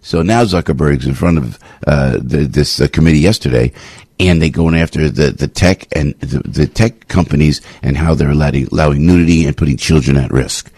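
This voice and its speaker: Male radio host with a low voice, sarcastic and rambling, spiking high on mocking questions; dry close studio mic. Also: fairly quick, a little mellow, breathy edge, no room sound. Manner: sarcastic, with mocking rhetorical questions and sudden high-pitched jumps; rambling, with frequent restarts and asides. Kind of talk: talk radio monologue.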